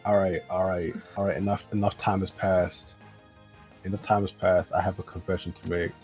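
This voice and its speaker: A man with a fairly low voice chats loosely on a gaming stream, stumbling over and repeating his words. Faint music plays behind him. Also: normal speed. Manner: rambling, repeats words, animated. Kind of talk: casual gaming stream chat.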